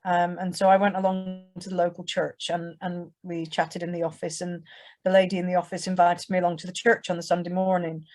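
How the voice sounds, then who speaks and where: Speaking fairly quickly in a lowish, slightly mellow voice with little pitch movement, a young Englishwoman tells a church audience her testimony. She talks conversationally, often restarting and acting out quotes.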